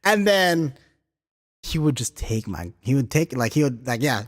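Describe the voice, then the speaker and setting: Slightly high-voiced and a little slow, this man in his thirties hosts a podcast in what sounds like a large hall. He laughs through profane, rambling stories, animated and heavy on filler words.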